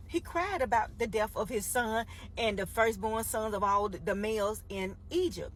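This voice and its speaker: A woman's voice: on the high side, normal speed, few pauses, fairly bright tone, a little hiss or hum. A woman minister preaching a Bible story, emphatic and repetitive, often calling her listeners "baby".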